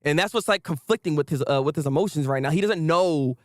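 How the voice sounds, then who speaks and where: Young male host, excitable and slangy, fairly high voice, dry close sound. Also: fast, dry recording. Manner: hyped, slangy, repeats himself, laughs often. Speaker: anime review host. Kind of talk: casual excited commentary.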